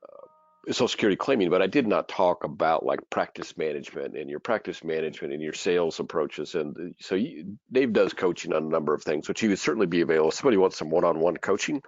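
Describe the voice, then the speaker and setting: Male webinar host, low deep voice, dull dry audio. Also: lively intonation, fast, no room sound. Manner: brief affirmations, promotional wrap-up. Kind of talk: hosting a webinar.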